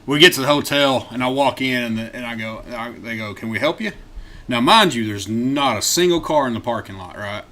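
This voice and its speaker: This podcast co-host has a medium-pitched voice and speaks a little fast, hardly pausing, as he shares a road-trip story in casual banter. Lively and quick to laugh, he voices the quotes loudly.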